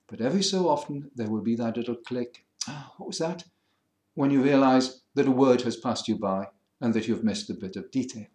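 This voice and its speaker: A middle-aged man with a middle-class educated English accent, explaining things in a measured, wry teaching manner. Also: medium pitch, a little mellow, roomy sound. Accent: standard English, middle-class educated. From England. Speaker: French listening teacher. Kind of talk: lecture to camera.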